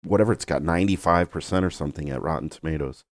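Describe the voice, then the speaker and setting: A man's voice: a bass voice, very fast, dry recording, studio quality. A man co-hosting a film podcast, often repeating words as he gets going. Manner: repeats words as he starts sentences. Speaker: podcast co-host. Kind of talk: casual chat.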